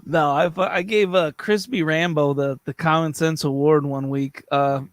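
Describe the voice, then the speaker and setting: A man's voice: on the high side, steady tone, normal speed, dry recording. A man on a casual gaming podcast, speaking hesitantly and laughing a lot.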